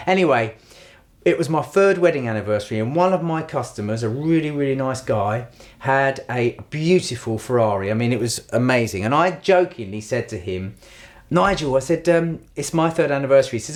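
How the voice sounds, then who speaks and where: A man's voice: mid-range voice, animated, brisk. A middle-aged man, co-hosting a podcast and telling an anecdote animatedly, acting out the voices he quotes. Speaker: podcast co-host. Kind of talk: casual storytelling chat.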